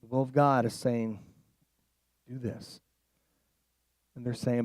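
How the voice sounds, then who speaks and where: A man preaching a sermon as pastor, animated and casual, dropping into quiet asides and rising into loud emphatic passages. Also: mid-range voice, slow pace, long pauses, no room sound. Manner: casual slang.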